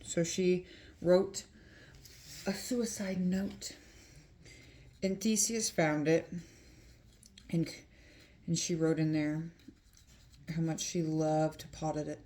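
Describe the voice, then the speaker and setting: Casting: a woman vlogger, relaxed and chatty, slow delivery, slightly low pitch. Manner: chatty, lots of fillers and asides. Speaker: beauty vlogger. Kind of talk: casual storytelling while doing makeup.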